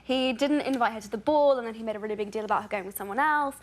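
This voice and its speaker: A woman's voice: on the high side, rapid-fire. A young adult woman with an English accent, chatting as an actress guest on a talk show, giggly and self-deprecating.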